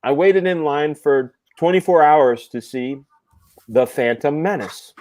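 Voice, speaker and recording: A man's voice: on the high side, a little slow, darkish tone, no echo, clean studio sound. A man hosting a casual chat, telling rambling, joking stories with the odd swear word. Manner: loose, swearing, laughing anecdotes. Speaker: show host, comic artist.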